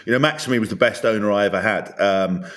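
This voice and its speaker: A man's voice: on the low side, fast, fairly bright tone. A man co-hosting a rugby podcast, chatting candidly and reflectively about his playing days. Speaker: podcast co-host, former rugby player. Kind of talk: casual chat.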